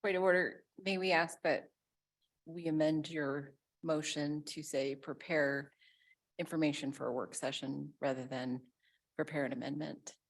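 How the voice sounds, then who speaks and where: A woman on a town board raising a point of order in slow, careful phrasing. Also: low-pitched, steady tone, poor audio.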